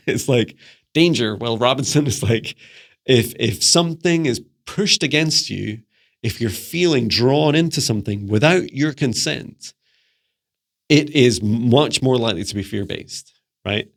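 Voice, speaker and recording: A man who works as a spiritual mentor, talking casually to camera in a chatty, relaxed way and laughing often as he teaches. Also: medium pitch, unhurried, creaky.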